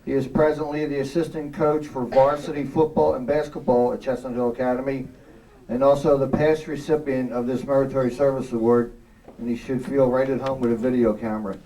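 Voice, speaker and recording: Emcee guy reading a speaker intro, mellow and a bit high, from far off the mic. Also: level tone, a little fast. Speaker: master of ceremonies. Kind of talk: formal introduction. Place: banquet hall. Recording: distant mic in a hall.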